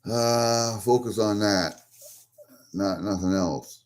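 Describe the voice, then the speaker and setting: A man's voice: fairly low pitch, takes it slowly. A man talking casually to himself as he opens packages, muttering and rambling as he goes. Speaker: vlogger opening packages. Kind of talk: casual unboxing commentary.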